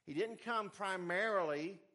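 A man preaching a sermon, emphatic, swinging between hushed asides and forceful exhortation. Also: high-pitched, unhurried.

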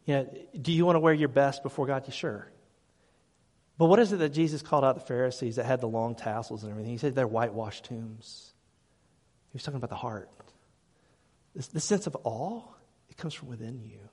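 A man preaching a sermon as pastor, his voice rising to loud, fervent peaks and then dropping to quiet asides, often repeating words as he restarts. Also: medium pitch, brisk. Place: church sanctuary. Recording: hall reverb.

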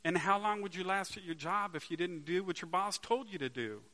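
A man's voice: sits high, brisk, pushed and bright. A man preaching a sermon to a congregation in a conversational way, asking them rhetorical questions and restarting words as he searches for them.

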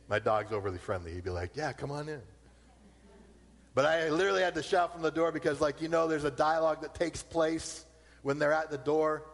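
A man preaching a sermon, slowing down to repeat his key points. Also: fairly high pitch. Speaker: pastor. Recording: long hall reverb.

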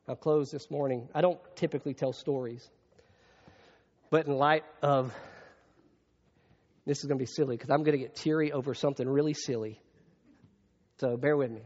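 A man preaching a sermon as pastor, moving between hushed, reflective passages and raised, emphatic preaching. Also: medium pitch, steady tone, normal speed, long pauses. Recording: muffled long-reverb hall sound.

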